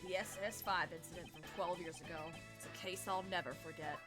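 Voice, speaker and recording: A brash young male investigator, as a woman puts him on, with a put-on Southern drawl. He talks cocky and self-assured. Game music runs clearly beneath him. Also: on the low side, steady tone, a little fast, voice pushed down, natural voice. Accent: put-on American Southern. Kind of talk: voicing game dialogue.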